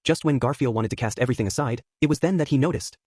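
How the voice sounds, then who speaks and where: A man narrating an audiobook with a steady storytelling read. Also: mid-range voice, very fast, no room sound. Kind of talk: scripted narration.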